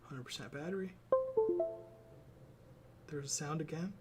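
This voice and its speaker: A man's voice: fairly high pitch, unhurried, over music. A young man chatting casually to his live-stream viewers between sim races, rambling and self-deprecating, tired and sweating. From Ireland. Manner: rambling, self-deprecating, talks to chat while fiddling with gear.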